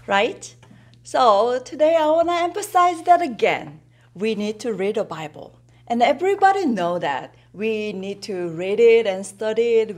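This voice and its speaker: Slow, lively woman preaching. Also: medium pitch. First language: Korean. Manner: emphatic, repeats key points, asks the children questions. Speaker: children's worship teacher. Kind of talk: children's sermon.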